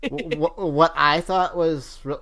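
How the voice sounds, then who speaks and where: A man hosting a casual wrestling podcast over a remote call, relaxed, stumbling over and repeating words, swearing casually. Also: a little high, unhurried. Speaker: podcast host.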